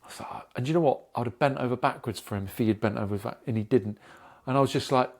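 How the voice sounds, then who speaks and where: A man, co-hosting a podcast, telling an animated and sweary story in casual chat. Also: mid-range voice, quick pace. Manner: animated storytelling, sweary, acts out the people in his stories. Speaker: podcast co-host.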